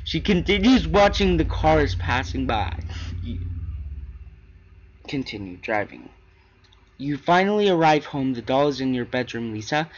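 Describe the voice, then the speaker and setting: A man hosting a gaming channel, reading the text of a horror game aloud in a halting way, with restarts and stumbles. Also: a little high, big pitch swings, muffled recording, slight background noise.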